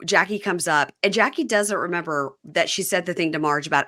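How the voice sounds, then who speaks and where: Bright-voiced chatty woman podcast host. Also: lowish voice, no echo, clean studio sound. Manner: chatty, quick shifts into playful quoted voices. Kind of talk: casual chat and read ad.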